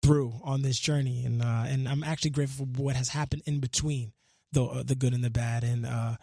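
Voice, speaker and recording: Gravelly-voiced New man telling a story. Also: medium pitch, a little fast, no echo, studio quality. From Brooklyn, New York. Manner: animated, acts out quoted voices, casual slang. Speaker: musician and actor guest. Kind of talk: storytelling in a radio interview. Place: radio studio.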